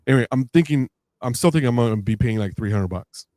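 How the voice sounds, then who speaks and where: A man's voice: mid-range voice, fast, dry recording. A man telling a long anecdote in casual podcast chat, acting out the voices he quotes. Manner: animated storyteller, acts out quoted voices with laughs.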